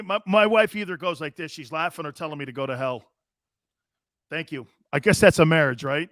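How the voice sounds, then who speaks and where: A man's voice: on the high side, bright, forceful tone, dry recording, studio quality. A man in his fifties hosting a sports talk show, ranting in a brash, mocking and profane way.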